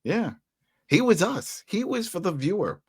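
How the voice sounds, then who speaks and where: A man co-hosting a casual TV episode review, animated and quick to laugh, acting out scenes as he talks. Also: high-pitched, breathy edge, dry recording, studio quality. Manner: animated, laughs a lot, acts out scenes in quoted voices. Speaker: podcast co-host reviewing a TV episode. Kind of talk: casual chat.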